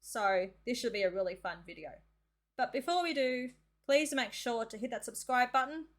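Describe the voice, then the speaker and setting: A woman's voice: on the high side, lively intonation, moderate pace. A woman from Australia with an Australian accent, opening her reaction video in a cheerful, chatty way. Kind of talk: casual vlog intro.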